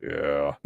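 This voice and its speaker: A man's voice: medium pitch, gravelly, darkish tone, husky, no echo. A man co-hosting a horror podcast in casual chat, laid-back and swearing a lot, often laughing. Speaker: podcast co-host.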